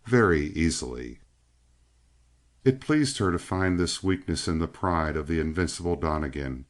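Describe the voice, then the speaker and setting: A man narrating a western novel as an audiobook in a measured, expressive way. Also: low-pitched.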